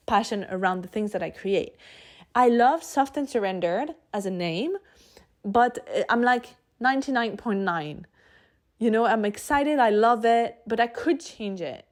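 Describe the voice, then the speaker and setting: Chatty French woman podcast host. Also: mid-range voice. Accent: French, mixed with other influences. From France. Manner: chatty, tangent-prone, laughs often. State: slightly blocked nose. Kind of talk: casual solo podcast monologue.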